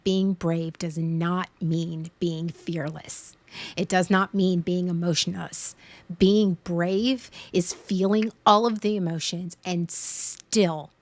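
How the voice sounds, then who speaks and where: In a dry recording, a woman in her thirties speaks at a fairly low pitch while streaming. As a parent, she talks openly and earnestly about fear, vulnerable and sometimes tearful, in an emotional, casual conversation.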